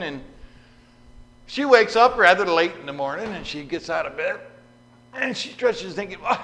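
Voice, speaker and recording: A man preaching a storytelling sermon into a microphone, animated and acting out the voices in his stories. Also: a little high. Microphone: microphone at a lectern. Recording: reverberant hall with faint hum.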